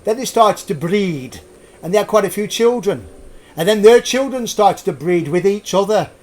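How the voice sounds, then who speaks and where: Jokey high-voiced man telling a tale. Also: animated, moderate pace, a little mellow. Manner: jokey, laughs at own puns, digresses. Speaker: host. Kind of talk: live storytelling chat.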